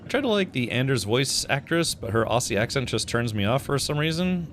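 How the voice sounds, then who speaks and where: A man's voice: mid-range voice, sing-song, fairly quick, hardly any pauses, a bit bright, slight background noise. A man streaming a game, chatting with his viewers in a rambling, joking way with frequent chuckles. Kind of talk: casual gameplay commentary.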